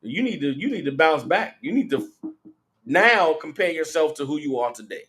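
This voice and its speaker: A man's voice: a little high, very animated, moderate pace, fairly bright tone. A man giving an emphatic, blunt street sermon full of slang. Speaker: religious teacher.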